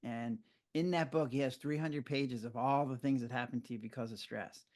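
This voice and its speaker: A man's voice: medium pitch, normal speed. An older man, a physician, explaining stress in a conversational interview and acting out his own reactions as he tells stories. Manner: animated storyteller who acts out his own reactions. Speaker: physician guest.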